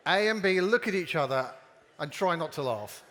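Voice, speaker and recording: A man's voice: fairly high pitch, lively intonation, moderate pace, fairly bright tone. A man giving a playful, jokey conference talk and leading the audience in participation games. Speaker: conference speaker. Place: conference hall before a live audience. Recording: long hall reverb.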